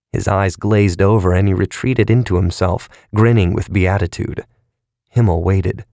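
A man narrating a novel in a measured, even storytelling manner. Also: low voice, dry recording, studio quality. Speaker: audiobook narrator.

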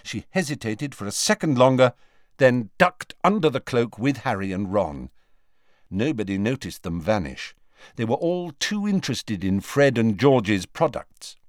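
A man narrating an audiobook with expressive storytelling on a close studio mic. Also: medium pitch, unhurried, no room sound. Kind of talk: scripted narration.

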